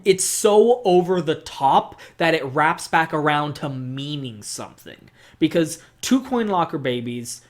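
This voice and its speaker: Casual gaming host, mid-pitched voice, rambly and excitable, swears a lot and fills every pause with "like.". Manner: rambling, fills speech with "like", restarts sentences. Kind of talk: casual unscripted game discussion monologue.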